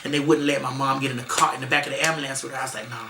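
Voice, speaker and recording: Rapid-fire and rumbling low, a woman's voice stays steady in tone while she tells a painful family story as an interview guest. She's emotional and emphatic, repeating herself and acting out her relatives' words. Background noise fills the echoey room.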